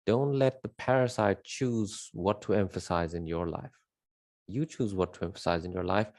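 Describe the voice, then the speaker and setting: A man's voice: low voice, moderate pace, darkish tone, no room sound, clean studio sound. A man giving an unscripted spiritual monologue, emphatic and rambling, repeating his key words with many fillers. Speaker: spiritual teacher.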